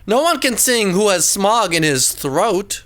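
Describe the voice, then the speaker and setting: A man puts on a fussy old Lorax for a storybook reading. The voice is pitched up high and sounds sharp and bright. He scolds in between coughs and snuffles. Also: expressive, unhurried. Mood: scolding.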